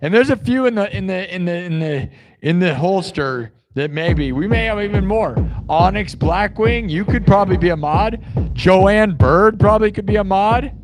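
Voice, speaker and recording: A man talking casually to his livestream audience, reading their comments and rambling in a loose, chatty way. His voice sits a little high for a man, and faint music plays behind him. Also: expressive, normal speed. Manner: chatty and loose, heavy on "like" and "dude". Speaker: livestream host of an improvised music show.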